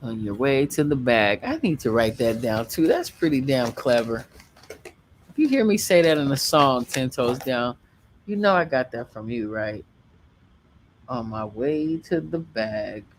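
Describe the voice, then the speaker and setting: A man's voice: mid-range voice, lively intonation, unhurried, slight background noise. A man chatting casually as a guest on a late-night livestream, rambling through loose sign-offs and talking to his viewers. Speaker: livestream guest and show host.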